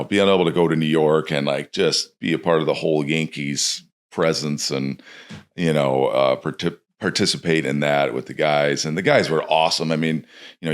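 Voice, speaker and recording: A man from Chicago with a very low voice talks as a podcast guest. He is a former pro ballplayer who speaks relaxed and casual. He livens up when he acts out what people said to him. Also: normal speed.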